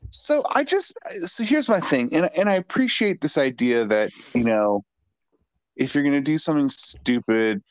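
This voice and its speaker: A man co-hosting a podcast, thinking aloud in a reflective, halting, casual way. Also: on the high side, animated, no echo. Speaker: podcast co-host.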